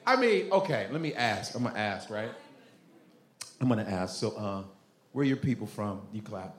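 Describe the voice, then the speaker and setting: A man performing stand-up comedy, talking to the audience in an animated, profane way. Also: on the low side, normal speed. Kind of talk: stand-up comedy with crowd work. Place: comedy club stage.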